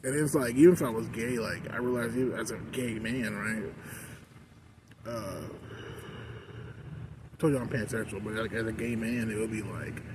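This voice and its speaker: A man's voice: lowish voice, steady tone, normal speed, long pauses, noisy background. A man ranting in a casual vlog, rambling and swearing constantly, with "like" in nearly every phrase. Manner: rambling, profane, constant "like" fillers.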